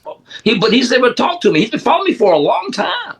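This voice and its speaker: Animated high-voiced man telling stories. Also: quick pace, vocal fry, husky. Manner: animated storyteller, acts out quoted dialogue with shouts. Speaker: podcast co-host. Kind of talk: casual chat.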